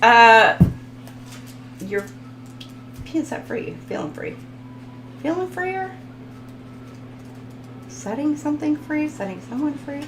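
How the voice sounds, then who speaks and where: A woman's voice: high-pitched, big pitch swings, slow pace, pauses often, echoey room, noisy background. A woman giving a casual tarot reading, rambling, giggling and reading card text aloud. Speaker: tarot reader.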